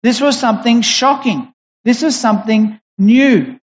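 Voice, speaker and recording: A preacher giving a sermon in a deliberate, emphatic way, pausing and restarting as they explain. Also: mid-range voice. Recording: dull recording in a reverberant hall.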